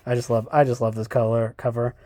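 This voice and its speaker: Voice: mid-range voice, little pitch movement, fast talker, warm tone, no echo, clean studio sound. A book vlogger giving a casual, rambling bookshelf tour at home, joking, swearing casually and slipping into silly voices. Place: home, walking between rooms.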